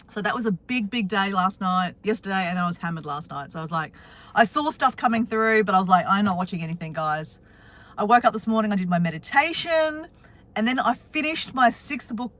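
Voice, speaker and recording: A woman's voice: mid-range voice, a bit bright. A woman with an Australian accent chatting casually on a live stream from her car, greeting viewers by name.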